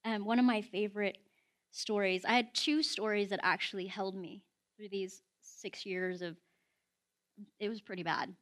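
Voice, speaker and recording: Bright-voiced woman preaching. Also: mid-range voice, moderate pace. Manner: animated storyteller, acts out quotes with rising excitement. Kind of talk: sermon storytelling.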